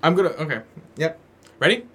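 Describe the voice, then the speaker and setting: A man's voice: a little high, sing-song, fairly quick, sharp tone, breathy edge. A young man running a party impression game and keeping score, hesitant with lots of ums. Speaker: game organizer, recording. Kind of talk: casual chat, party game.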